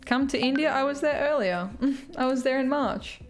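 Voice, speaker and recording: A young Australian woman with a high voice chats at normal speed on a live stream, answering viewer comments and laughing often. She uses a headset mic, and soft music plays in the background.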